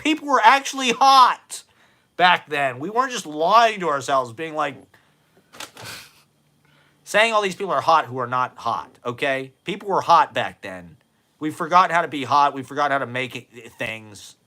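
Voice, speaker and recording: A man's voice: fairly high pitch, expressive, moderate pace, pushed and bright. A man in his forties from the United States, rambling in a self-deprecating, profane monologue and laughing often, at times drifting away from the mic.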